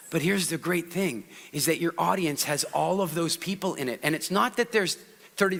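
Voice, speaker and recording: A middle-aged man speaks on stage to a live audience, animated and theatrical as he acts out different ways of talking. His voice is strikingly bright and forceful, sitting fairly high. It rings out with a long reverb from a large hall. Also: fairly quick, vocal fry. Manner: animated, demonstrates voices by shifting pitch and loudness. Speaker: public speaking coach.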